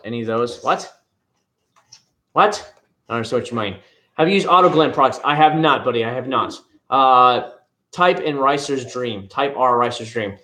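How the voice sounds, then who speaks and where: A man's voice: mid-range voice, a little fast, fairly bright tone. A man streaming live from his living room at home, chatting casually and answering his chat in a rambling way.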